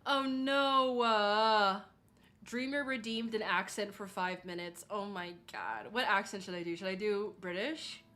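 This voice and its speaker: A woman's voice: medium pitch, fairly even intonation, a little slow, pushed and bright. A young woman streaming, chatting casually and reading chat aloud, saying "like" a lot and laughing often.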